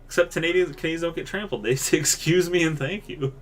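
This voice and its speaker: A man co-hosting a casual podcast chat, joking and animated, slipping into mock voices when he quotes people. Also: on the high side, quick pace. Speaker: podcast co-host.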